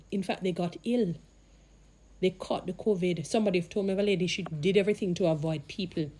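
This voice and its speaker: Mellow-voiced chatty woman vlogger. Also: on the low side. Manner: chatty, rambling, with restarts and asides to viewers; sarcastic humor. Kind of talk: casual chat to camera.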